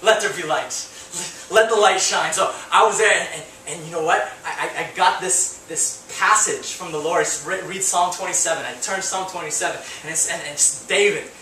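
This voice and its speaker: A man preaches with a bright, forceful edge to his voice, telling an emotional story in broken, restarting phrases. He sounds somewhat distant from the mic, his voice ringing through a reverberant hall with faint room ambience. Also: on the high side, brisk, hardly any pauses, slight background noise. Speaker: pastor. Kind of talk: sermon. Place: church hall.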